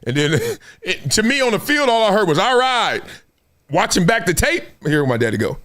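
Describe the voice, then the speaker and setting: A man's voice: high voice, brisk. A middle-aged man hosting his own show, chatting casually with his audience, laughing and acting out voices. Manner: animated, acts out voices, laughs often. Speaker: show host. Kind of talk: casual chat to a live audience.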